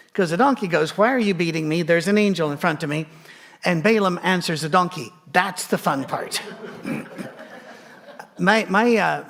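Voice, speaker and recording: A man preaching a sermon in a conversational way, with joking asides and a gravelly voice. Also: sits high, a bit bright. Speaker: pastor.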